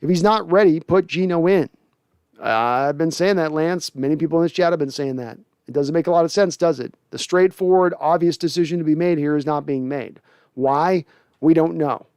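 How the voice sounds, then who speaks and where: A man's voice: a little high, darkish tone, clear, resonant tone, dry recording, clean studio sound. A man hosting a casual sports livestream, reading viewer comments aloud and answering them conversationally. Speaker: sports podcast host.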